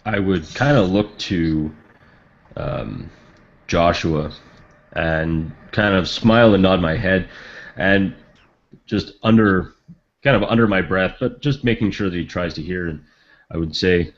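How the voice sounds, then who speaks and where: A man playing a tabletop game, quietly and slyly narrating his character's actions. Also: low voice, a little slow, pauses often. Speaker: player. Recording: muffled lo-fi recording.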